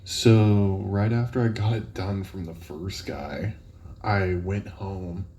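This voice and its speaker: A man with a fairly low voice recounts his teenage years in a loose, rambling way. He laughs often between his lines and keeps the tone casual. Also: fairly even intonation, slow, mellow, muffled recording, a little hiss or hum. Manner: laughs often while telling stories. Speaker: podcast guest. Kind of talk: casual chat.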